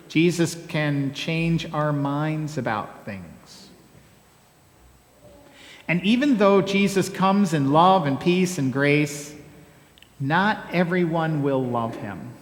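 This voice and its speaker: A man preaching a sermon as pastor, measured and earnest, gently reflective. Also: a little high. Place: church sanctuary. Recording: echoey church hall with long reverb.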